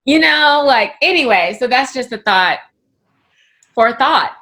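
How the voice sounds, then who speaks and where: A woman in her thirties, a comedian, telling a story in a chatty, animated way over a video call. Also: high voice, a little slow. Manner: chatty, animated, lots of "like" and "you know".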